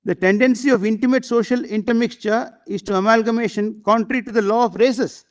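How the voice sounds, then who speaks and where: A man's voice: high-pitched, fairly even intonation, fairly quick. A man arguing a case before a bench of judges, deferential and hesitant, constantly saying "my lord". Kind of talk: courtroom argument.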